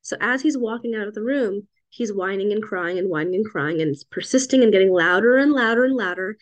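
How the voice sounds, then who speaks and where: A woman's voice: medium pitch, fairly quick. A middle-aged woman, a psychiatrist and parent, telling a personal story in a reflective, conversational way and often turning to listeners with "right?". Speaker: psychiatrist and parent sharing advice.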